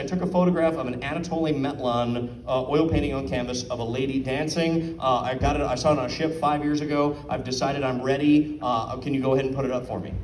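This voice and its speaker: A man with a medium-pitched, darkish voice gives a chatty talk at an art auction, asking the audience questions and acting out quotes. Recorded from a distance in a room with an audience, the sound is roomy, with a little hiss or hum.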